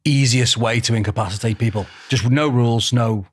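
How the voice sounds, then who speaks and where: Male interview host, chatty interjector; fast pace, husky voice. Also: mid-range voice. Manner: quick, chatty interjections and questions. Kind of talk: casual interview talk.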